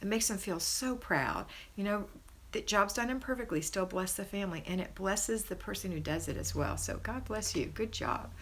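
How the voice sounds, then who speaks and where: A woman hosting a homemaking live stream, reading viewer comments aloud and praising and encouraging her viewers. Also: moderate pace. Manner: chatty, with pitch rising high in excitement. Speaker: homemaking livestream host.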